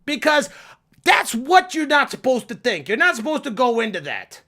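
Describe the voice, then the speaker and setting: A man voicing a brash, foul-mouthed male mobster type who talks in blustering threats and shouts. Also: very high-pitched, very animated, drawn-out words, heavily acted. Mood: threatening.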